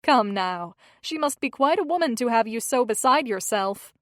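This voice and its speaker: A woman's voice: a little high, expressive, normal speed, no echo, studio quality, lightly acted. A woman voicing a chatty, witty young woman. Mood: teasing. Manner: chatty and warm-witted.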